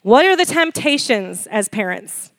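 A woman in her forties preaching a sermon, animated and laughing often as she questions the congregation. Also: fairly high pitch, measured pace, no echo, clean studio sound. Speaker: pastor.

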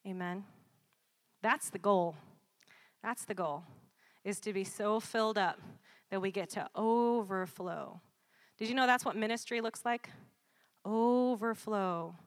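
Woman preacher, chatty sermon style, laughs easily, mid-pitched voice, prompts call-and-response. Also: moderate pace. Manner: lively, laughing, conversational preaching.

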